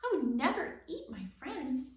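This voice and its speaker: Lady reading a sweet gentle little kitten girl, soft and reassuring, echoey. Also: on the high side, big pitch swings, moderate pace. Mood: friendly. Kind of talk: storybook reading. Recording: roomy, distant, faint hiss.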